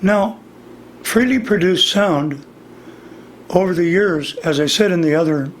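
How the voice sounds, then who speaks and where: An older man teaching singing in a slow, deliberate interview manner, his voice slightly worn. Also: sits high, slight background noise. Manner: demonstrates vocal registers, slow and deliberate. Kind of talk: instructional interview.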